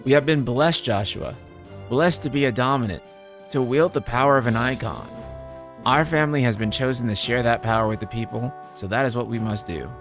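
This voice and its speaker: Brief: man doing gentle, measured noble father, soft, over faint music. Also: mid-range voice, lightly acted. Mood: earnest.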